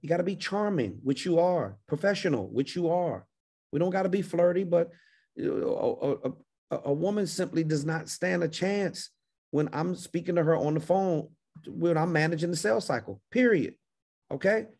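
A man's voice: a little high, animated, moderate pace, a little mellow. A man coaching a caller on a livestream Q&A, confident and emphatic, often repeating phrases. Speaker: speaking business coach.

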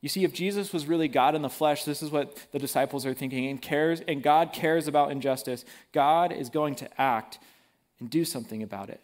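Male preacher, relaxed slangy sermon delivery, voice a touch high. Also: quick pace, hardly any pauses. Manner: casual, animated preaching with slang.

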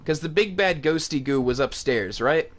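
A young man commenting on a horror game as he plays, nervous and talkative, swearing now and then and shouting when something scares him. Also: fairly high pitch, expressive, moderate pace. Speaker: gaming video host.

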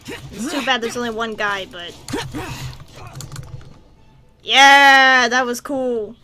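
A woman's voice: on the high side, slow pace, over music. A woman hosting a game playthrough, chatting and giggling as she reacts aloud. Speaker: gaming channel host. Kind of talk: casual let's-play commentary.

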